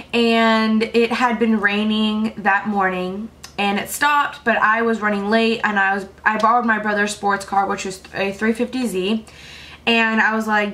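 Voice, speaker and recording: A woman's voice: fairly high pitch, sharp tone. A young woman in her late teens telling stories to camera in a chatty, filler-heavy way, filming at home at night. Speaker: vlogger. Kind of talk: casual storytelling to camera.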